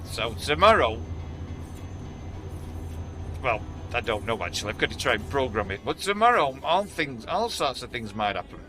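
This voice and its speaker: A man's voice: medium pitch, sing-song, moderate pace, pauses often. A man hosting a casual gaming stream, chatty and cheery, laughing often. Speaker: streamer host. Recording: music and truck game sounds behind.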